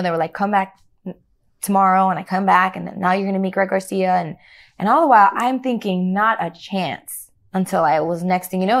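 A middle-aged actress in an interview, telling a story with lively acted-out dialogue and frequent laughter. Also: female voice, mid-range voice, gravelly. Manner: animated, acts out quoted dialogue, laughs often. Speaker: actor guest.

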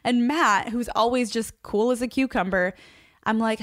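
A young woman telling a personal story casually to her followers, chatty and animated, laughing often as she talks. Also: on the high side, normal speed, dry recording, studio quality. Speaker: social media creator.

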